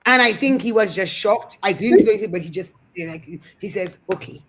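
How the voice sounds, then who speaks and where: A middle-aged woman co-hosting a casual talk show, telling animated family stories and acting out the voices. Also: mid-range voice, fairly quick, a little hiss or hum, poor audio. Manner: animated storyteller, acts out quotes. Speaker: co-host. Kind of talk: casual storytelling chat. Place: studio.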